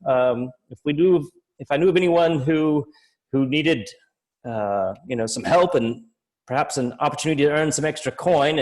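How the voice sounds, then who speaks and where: A man voicing a formal, courteous tavern patron who speaks with hesitant pauses in a tabletop game. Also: medium pitch, a little mellow, close to an everyday voice, low-quality recording.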